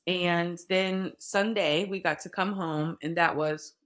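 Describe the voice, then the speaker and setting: A young adult woman, a podcast guest, telling her story in a candid, animated way. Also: on the low side, slow pace. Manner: animated retelling, voicing others in quotes.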